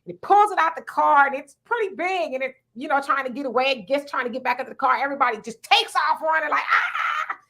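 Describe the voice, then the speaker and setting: Middle-aged woman host, high bright voice, animated storyteller in casual live talk. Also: fast talker, creaky, few pauses. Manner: animated storyteller acting out quoted people.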